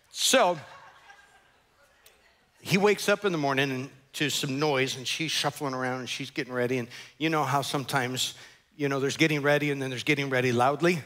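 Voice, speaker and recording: A man's voice: on the high side, bright, forceful tone. A male pastor preaching a sermon, telling a story animatedly and acting out characters and sound effects.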